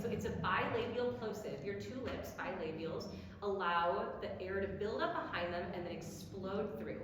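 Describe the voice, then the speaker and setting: A woman giving a diction lecture, slowly demonstrating sounds and having the audience repeat them. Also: medium pitch, very noisy. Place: lecture hall. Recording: very echoey hall, long reverb.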